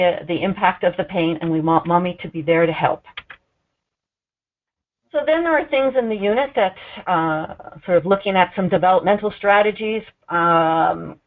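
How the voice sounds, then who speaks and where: A woman giving an educational talk on newborn care, explaining gently and clearly, sometimes slowing to voice a baby's cues. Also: lowish voice. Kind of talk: recorded educational presentation. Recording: tinny phone-like sound.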